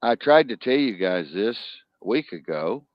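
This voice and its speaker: A man telling long rambling stories and jokes in casual chat, jumping into high voices when he quotes people. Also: lively intonation, moderate pace, no echo. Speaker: co-host. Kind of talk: casual storytelling and joke telling. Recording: dull lo-fi sound.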